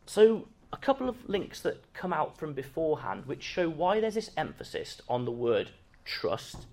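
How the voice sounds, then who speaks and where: Lively-voiced man teaching a sermon. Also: a little high. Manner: reads scripture slowly with emphasis. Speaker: preacher.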